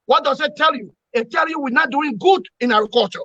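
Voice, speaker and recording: Man, opposition commentator, emphatic, bright forceful voice, dry lo-fi sound. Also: very high-pitched, brisk, no room sound. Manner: emphatic, repetitive, lecturing. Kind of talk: political analysis in an interview.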